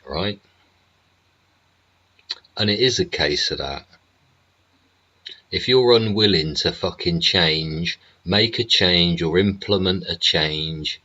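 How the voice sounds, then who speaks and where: Angry male host, deep but bright and forceful voice, rants and swears, dull lo-fi home recording. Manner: angry, swears constantly, rhetorical tag questions. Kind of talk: ranting political monologue.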